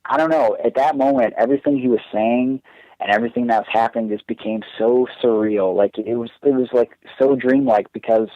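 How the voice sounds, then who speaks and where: This young man is a wrestler appearing as a podcast guest, telling a long story casually with lots of "like," fillers and restarts. His voice is medium-pitched, steady and brisk, with no room sound on dull lo-fi podcast audio.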